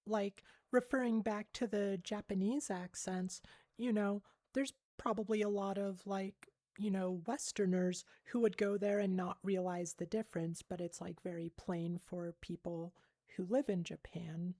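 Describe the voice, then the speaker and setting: A woman's voice: medium pitch, little pitch movement, unhurried, warm tone, dry recording, clean studio sound. A woman chatting on a livestream and reading out chat, rambling with many fillers and giggles. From United States.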